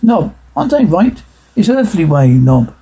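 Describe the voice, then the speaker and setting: A man's voice: high voice, very animated, unhurried, creaky, warm tone, breathy edge, exaggerated voice. A man voicing a pompous, blustering male general in an audiobook reading.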